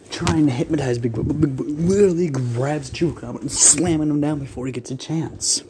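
A man hosting his own creature battle show, reading lists haltingly, stumbling over words and clearing his throat often. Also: mid-range voice, background noise. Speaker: host of a creature battle channel. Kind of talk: casual read-out narration.

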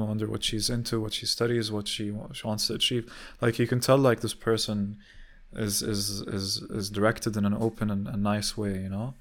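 A young man casually telling a personal story, rambling with many fillers and restarts and casual swearing. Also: lowish voice. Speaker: vlogger.

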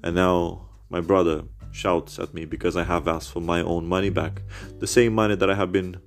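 Man, deep creaky voice, phone-recorded rant podcast; bitter, rambling, foul-mouthed. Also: little pitch movement, normal speed, soft background music. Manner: bitter, rambling, swears heavily. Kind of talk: personal rant.

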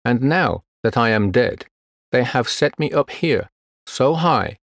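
A man voicing the statue of a dead prince, a gentle male spirit, in a storybook reading, speaking in a slow, solemn, mournful way. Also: mid-range voice, expressive, creaky, no echo, clean studio sound.

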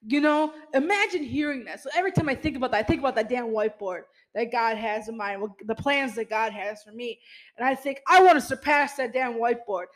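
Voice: medium pitch, fast, poor audio. A podcast host giving an emphatic motivational pep talk, addressing listeners directly as "y'all" and peppering the talk with "you know" and mild swearing. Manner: speaks straight to listeners as "y'all".

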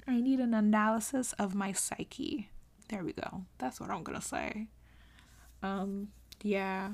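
A young woman talking casually to camera in a vlog, animated and exasperated, pleading with sudden high exclamations. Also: creaky. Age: young adult. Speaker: vlogger.

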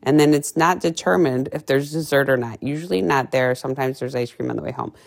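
A woman nutrition coach with a rumbling, gravelly low voice talks fairly quickly in a casual podcast monologue. She's brash and blunt, cursing freely and acting out little scenes with playful voices as she tells her stories.

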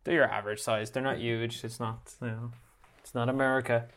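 A man's voice: mid-range voice, steady tone, fairly quick, a bit bright. A man chatting casually with friends about a cycling trip, joking and slipping into silly foreign-sounding voices. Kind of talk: casual chat among friends.

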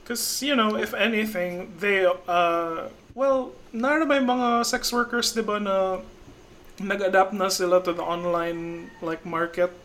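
A man's voice: high voice, measured pace, a bit bright, a little hiss or hum. A man with a Cebuano Filipino accent hosting a casual podcast, joking and laughing often as he mixes English with Cebuano. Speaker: podcast host.

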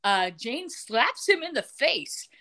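A woman's voice: high-pitched, big pitch swings, slow, bright, forceful tone. A woman co-hosting a podcast, casually recapping a TV episode in a chatty way with frequent laughter. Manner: chatty, giggly, often laughing mid-sentence. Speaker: podcast co-host.

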